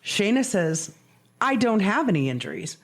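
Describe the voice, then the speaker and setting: Speaking at a normal speed with a medium-pitched voice, this podcast co-host chats casually through a true crime story. She performs the quotes, curses freely, and breaks into frequent laughter.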